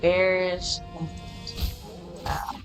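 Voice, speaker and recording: A woman's voice: lowish voice, monotone, drawn-out words, soft background music, poor audio. A woman streaming a game, chatting casually and reading quest dialogue aloud in her own voice.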